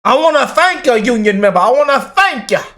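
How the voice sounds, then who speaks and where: A man's voice: very high-pitched, animated, fairly quick, pushed and bright, voice pushed up, exaggerated voice. A man mimicking a drunk woman gushing her thanks in a slurred, sing-song, mocking voice.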